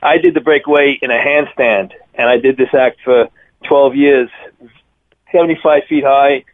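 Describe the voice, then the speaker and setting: A man's voice: mid-range voice, moderate pace, dry recording. A man in his fifties with a Long Island accent, telling rambling stories as a radio guest, full of fillers. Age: 50s. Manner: rambling, fillers, energetic storyteller. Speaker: radio guest, circus daredevil. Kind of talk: phone-in interview storytelling. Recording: tinny phone line.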